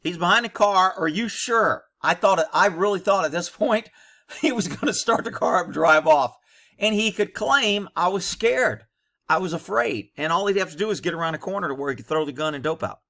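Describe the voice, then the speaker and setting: Blunt, cynical ex-cop man, bright voice. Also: high voice, expressive, fairly quick. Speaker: former police officer commentator. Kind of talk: commentary over bodycam footage.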